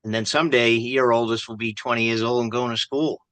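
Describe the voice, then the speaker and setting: A man's voice: mid-range voice, steady tone, a little fast, fairly bright tone, no room sound. A man chatting casually on a video call, hesitant, with many restarts.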